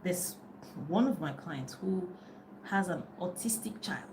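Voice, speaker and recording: A middle-aged woman coaching her viewers in a live stream, speaking on her phone in a casual, rambling way. Her voice sits on the lower side for a woman, and she often laughs and loses her train of thought. A faint hum of the room is heard behind her. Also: lively intonation, a little slow. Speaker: life and business coach. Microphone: phone on a live video.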